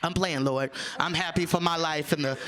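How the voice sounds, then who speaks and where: A woman's voice: low-pitched, fairly even intonation, moderate pace, a bit bright, slight background noise. A woman from Oklahoma doing improvised stand-up comedy, brash and profane, slipping into sung bits.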